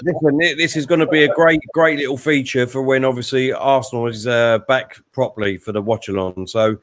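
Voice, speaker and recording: A man hosting a live watchalong, giving relaxed play-by-play with fillers and asides. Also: mid-range voice, brisk, slight background noise. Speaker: host and fight commentator. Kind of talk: casual live watchalong commentary.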